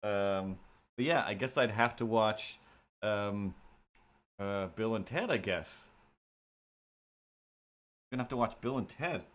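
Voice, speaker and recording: A man's voice: lowish voice, slow, long pauses, a bit bright. A man chatting casually on a livestream from a room at home, rambling and self-mocking as he works out a character voice. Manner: rambling, self-mocking, full of fillers and restarts. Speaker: animator and streamer.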